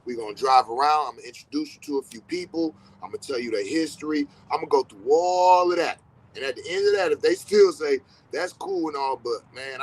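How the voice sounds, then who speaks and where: A man's voice: high-pitched, slightly rough, poor audio. A middle-aged man hosting a podcast, talking casually in a blunt, profane way and hammering points with repetition. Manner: animated storytelling with quoted dialogue. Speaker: podcast host. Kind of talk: casual monologue.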